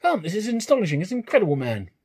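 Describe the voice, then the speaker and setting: Man doing an excitable rich old gentleman. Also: a little fast, breathy edge, full character voice. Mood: excited. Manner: exclaiming, high and eager. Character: elderly gentleman, wealthy, excitable and generous.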